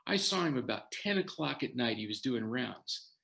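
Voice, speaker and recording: Older male guest, mid-pitched, animated storyteller in a talk. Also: normal speed, vocal fry. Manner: animated storyteller quoting others' words. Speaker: guest sharing his story.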